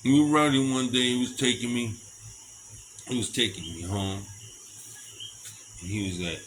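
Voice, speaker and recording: A man telling a rambling personal story in a casual, animated way and acting out other people's lines, outdoors at night with crickets behind him. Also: mid-range voice, normal speed, long pauses, background noise.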